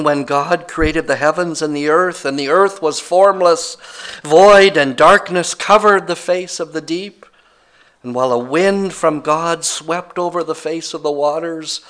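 A man's voice: a little high, measured pace, a bit bright. A man preaching a sermon, retelling a scripture story in a conversational way with wry asides.

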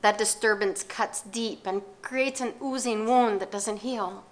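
An older woman giving a talk, telling a personal story in a measured, reflective way with pauses and restarts. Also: medium pitch.

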